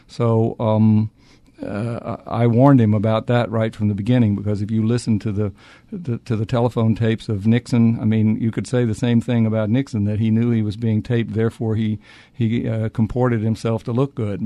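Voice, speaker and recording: A man's voice: lowish voice, warm tone, no room sound. A man, an author answering interview questions with many restarts and fillers. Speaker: author and historian.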